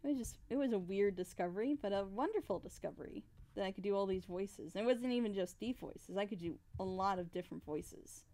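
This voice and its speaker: A woman's voice: mid-range voice, a little fast, mellow. A young woman voice actor chatting casually on a drawing stream. She laughs often and acts out what people said.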